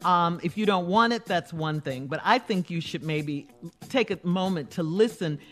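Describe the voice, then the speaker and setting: A woman's voice: lowish voice, animated, moderate pace, soft background music. A woman co-hosting a morning radio show, reading a listener letter and reacting to the host. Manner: reacting to the host with short asides.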